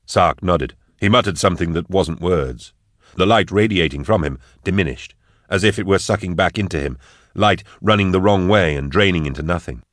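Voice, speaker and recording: A man narrating a story in a steady, measured reading. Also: low-pitched, no room sound, studio quality. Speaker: audiobook narrator. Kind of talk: scripted narration.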